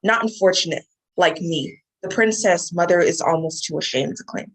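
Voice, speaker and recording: A woman's voice: on the low side, moderate pace, breathy edge, poor audio. A woman reading a reflective first-person prose passage aloud. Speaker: student performer.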